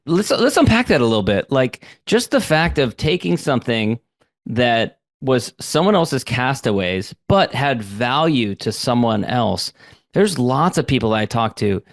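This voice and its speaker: A man's voice: medium pitch, sing-song, unhurried, no room sound, studio quality. A man hosting a business interview podcast, talking in an enthusiastic, conversational way. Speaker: podcast host.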